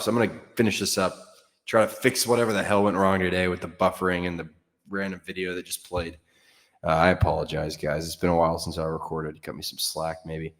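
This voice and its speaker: A man's voice: low voice, level tone, fairly quick, a bit bright, big-room sound. A man hosting a solo sports show, talking in a frank, offhand way with fillers and some mild cursing. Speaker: sports podcast host. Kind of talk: casual solo sports commentary.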